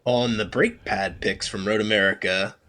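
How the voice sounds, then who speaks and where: A man's voice: lowish voice, fairly even intonation, moderate pace, pushed and bright. A man co-hosting a casual car-racing podcast, reading listener comments playfully. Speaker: podcast co-host.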